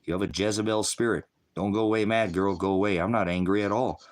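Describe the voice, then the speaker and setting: Profane streaming preacher, male, low voice, confrontational, quotes scripture between insults. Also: steady tone, quick pace. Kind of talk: profane livestream rant.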